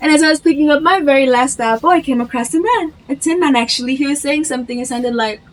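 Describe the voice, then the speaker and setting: A woman vlogger telling a story in a lively, animated way, acting out what the characters say. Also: sits high, fast talker, low-quality recording.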